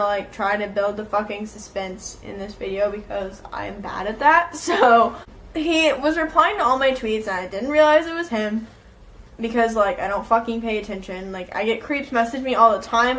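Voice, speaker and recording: Woman, casual storytime vlog, exasperated, sarcastic, profane, somewhat high voice. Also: a bit bright. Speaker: vlogger.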